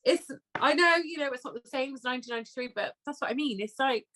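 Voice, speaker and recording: A woman with a Southwest English accent co-hosting a casual chat, teasing and quick to laugh. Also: high-pitched, bright, forceful tone, slight background noise. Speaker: co-host.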